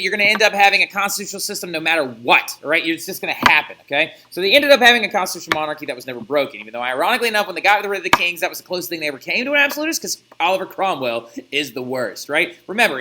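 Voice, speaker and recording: A young man teaching a recorded history lesson in a chatty, animated way, with jokey asides. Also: high-pitched, noisy background. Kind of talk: recorded classroom lecture.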